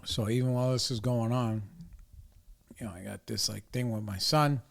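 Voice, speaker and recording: A man's voice: mid-range voice, steady tone, normal speed, vocal fry. Middle-aged male podcast host; casual, exasperated rant, salty language, rambles. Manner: profane, exasperated, rambling storytelling.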